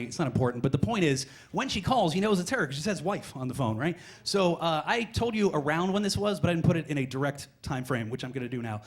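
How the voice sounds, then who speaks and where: A young male comedian on a club stage, racing through his stand-up set. His voice sits high for a man, and he talks in quick, rambling bursts broken up by exasperated asides.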